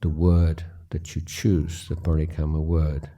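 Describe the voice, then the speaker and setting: Very deep, slow-spoken man teaching meditation. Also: completely flat delivery, dark tone. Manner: slow, halting, with many pauses and fillers. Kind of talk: guided meditation talk. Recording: recorded at a retreat.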